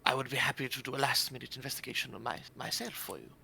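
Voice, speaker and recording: A man's voice: medium pitch, racing, creaky, sharp tone, breathy edge, full character voice. A man playing a courteous male wanderer who preserves lost knowledge, speaking in grand, formal phrasing. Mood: courtly.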